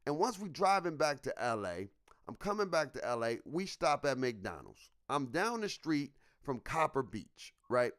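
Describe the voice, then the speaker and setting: A man's voice: mid-range voice, a little slow. A young man on a podcast, telling a story in casual slang and acting out what people said. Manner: animated, slangy, acts out quotes. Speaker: podcast co-host.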